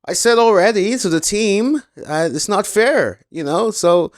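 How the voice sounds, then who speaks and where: A man doing a racing driver impression, high-pitched. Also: lively intonation. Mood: defiant. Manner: halting, self-mocking impression. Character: impression of a male racing driver, flat-voiced.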